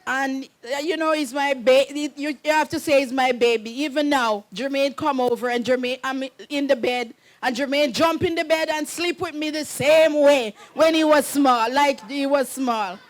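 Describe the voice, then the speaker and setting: A woman's voice: high voice, normal speed, few pauses. A middle-aged woman, the groom's mother giving a wedding message, telling a meandering story, often saying "anyways" and laughing. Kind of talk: rambling personal storytelling.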